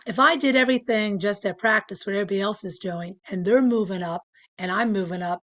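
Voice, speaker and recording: A woman's voice: medium pitch, fast talker, fairly bright tone, lo-fi sound. A woman in her sixties, chatting casually as an interview guest, with lots of fillers and frequent laughter. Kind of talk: casual storytelling.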